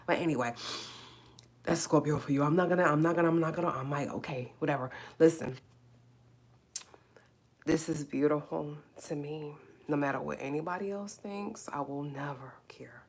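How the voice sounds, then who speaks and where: A woman's voice: deep voice, moderate pace, breathy edge. A woman YouTuber and painter chatting casually on a livestream, emphatic and emotional, repeating her phrases over and over.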